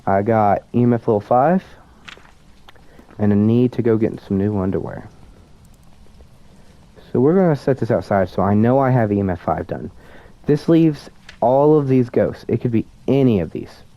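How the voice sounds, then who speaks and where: A man's voice: medium pitch, animated, moderate pace, pauses often. Nervous young man narrating a scary game. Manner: nervous, self-mocking, talks to viewers. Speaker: student gamer. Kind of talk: casual game commentary. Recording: dull lo-fi sound.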